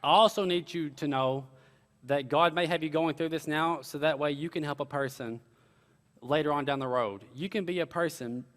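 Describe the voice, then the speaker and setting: A man's voice: fairly high pitch, normal speed, a bit bright, long reverb tail. A young man preaching a sermon, telling stories with earnest, casual asides. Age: young adult. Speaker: pastor.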